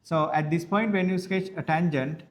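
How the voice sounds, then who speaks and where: A man from Sri Lanka, teaching a maths class slowly and repeating each phrase so students can write it down. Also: on the high side, fairly even intonation. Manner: slow, repeats each phrase for note-taking, spells words out. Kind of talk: dictated classroom lesson.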